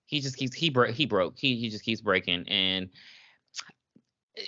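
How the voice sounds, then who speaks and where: A man's voice: fairly low pitch, normal speed, dull audio. A man co-hosting a podcast, recapping a TV episode in rambling casual chat. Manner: lively, laughs often, rambling restarts. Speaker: podcast co-host.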